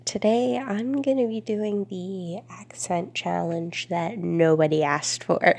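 A congested young woman from Florida chatting casually to camera, drifting into soft whispers between answers. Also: mid-range voice, expressive, measured pace, vocal fry, breathy edge. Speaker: vlogger.

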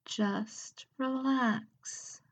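A woman voicing a calm, teasing, dominant woman, speaking softly and soothingly in a half-whisper. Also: mid-range voice, extremely slow, breathy edge, full character voice.

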